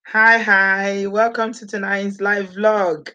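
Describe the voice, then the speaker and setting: A woman's voice: medium pitch, little pitch movement, takes it slowly, few pauses, bright, forceful tone, lo-fi sound. A woman from Edo State with a Nigerian accent, chatting on a live vlog, greeting viewers by name and slipping into Pidgin. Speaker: vlogger host.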